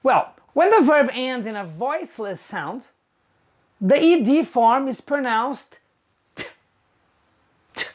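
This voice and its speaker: A woman teaching English pronunciation, saying each example sound slowly and deliberately. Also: high-pitched, big pitch swings. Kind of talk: slow pronunciation lesson.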